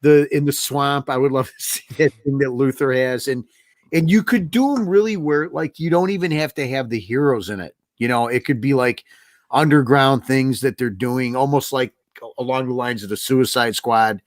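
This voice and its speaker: A man's voice: mid-range voice, normal speed, dry recording. A man co-hosting a casual livestream chat, talking loosely and repeating himself as he thinks. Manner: relaxed, rambling, repeats words. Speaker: co-host.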